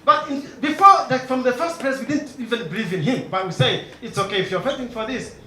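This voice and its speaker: A man performing a stand-up comedy set on stage, acting out characters with sudden loud high shouts. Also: fairly quick, roomy sound, slight background noise, rough recording. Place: comedy stage before a live audience.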